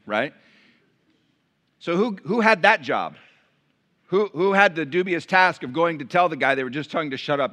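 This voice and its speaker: A man preaching a sermon to his church, dynamic and emphatic, dropping to hushed tones and acting out voices in the story. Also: fairly high pitch, animated. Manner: dynamic preaching, swinging from loud emphatic lines to hushed intimate ones; acts out crowd voices in quick asides. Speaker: pastor.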